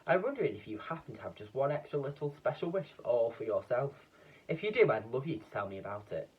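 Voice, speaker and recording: A man reading aloud, voicing a generous, excitable old Duke in a children's storybook. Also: mid-range voice, quick pace, slightly rough. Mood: kindly. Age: older. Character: old male giraffe-loving grand Duke, jolly and generous. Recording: dull, distant lo-fi recording.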